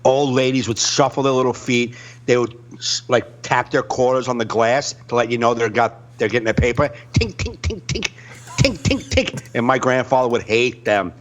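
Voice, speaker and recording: Animated, swearing male podcast storyteller. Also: mid-range voice, a little fast. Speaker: podcast co-host. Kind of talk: casual comedic chat.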